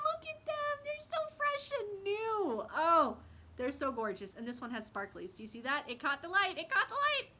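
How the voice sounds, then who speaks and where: A woman's voice: on the high side, pushed and bright. A young woman vlogging casually to the camera about her reading and writing, rambling and self-deprecating, with lots of fillers.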